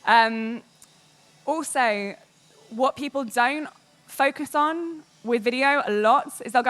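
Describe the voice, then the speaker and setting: A woman giving a candid, animated public talk to an audience about working in games media. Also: on the high side, takes it slowly. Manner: animated and candid, quotes others in lively voices.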